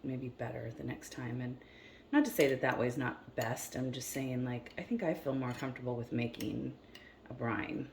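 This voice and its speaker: A cooking vlogger with a bass voice, vocal fry and a somewhat mellow tone talks at a moderate pace during a casual at-home taste test. She's chatty and rambling, full of fillers and restarts, sometimes eating as she speaks, and there's a little hiss or hum.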